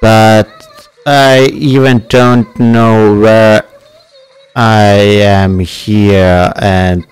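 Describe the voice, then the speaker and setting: A man's voice: fairly low pitch, level tone, extremely slow, clear, resonant tone, soft background music. A young man hosting a casual let's-play, who laughs often and speaks with non-native phrasing. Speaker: gaming channel host.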